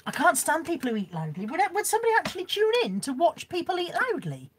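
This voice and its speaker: A woman's voice: sits high, huge pitch swings, fast, slight background noise. A woman chatting casually on a live stream as she shows off a car boot haul and reads out viewers' comments, laughing often.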